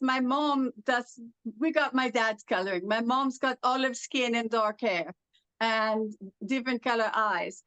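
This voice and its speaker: High clear-voiced woman with an unusual accent. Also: fairly bright tone, no echo, rough recording. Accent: foreign accent syndrome, heard as European. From California, USA. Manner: storytelling with many fillers. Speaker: guest. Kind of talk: interview about her condition.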